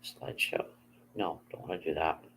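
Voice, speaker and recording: A woman's voice: very deep voice, moderate pace, creaky, slight background noise. A woman, chatting casually on a live stream, rambling, answering her chat and swearing freely.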